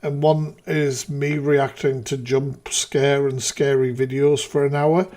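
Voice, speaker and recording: A man's voice: medium pitch, flat delivery, slow pace, darkish tone. A man hosting a live reaction stream, talking casually with exasperated, profane rants.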